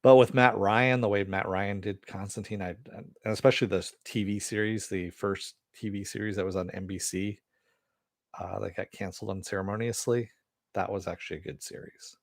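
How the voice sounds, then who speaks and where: A man's voice: lowish voice, steady tone, a little fast, creaky, no echo, studio quality. An American man hosting a casual live stream, rambling and reading viewer comments aloud. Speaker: host.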